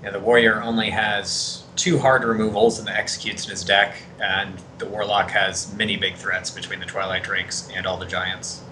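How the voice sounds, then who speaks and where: A man's voice: lowish voice, flat delivery, moderate pace, hardly any pauses, noisy background. A man doing color commentary on a card game match, adding short agreements and explaining strategy. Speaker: esports co-caster.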